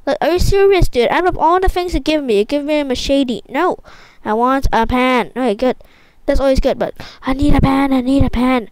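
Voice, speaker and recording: A young woman commentating her own gameplay, excitable and repetitive, often exclaiming. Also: sits high, fairly quick, no echo, rough recording. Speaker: gaming YouTuber.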